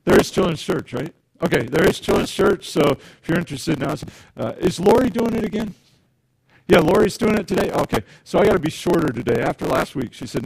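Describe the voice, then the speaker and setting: A man's voice: sits high, animated, fairly quick, gravelly, a little mellow, breathy edge, no room sound, poor audio. A male pastor giving a conversational sermon, often repeating words and putting questions to the congregation.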